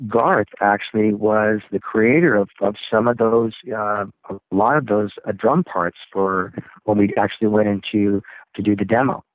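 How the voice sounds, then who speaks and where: A man, a rock singer, telling stories in a casual interview, rambling and animated. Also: lowish voice, moderate pace, no room sound. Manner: rambling, animated storytelling with laughs. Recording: tinny phone line, dry.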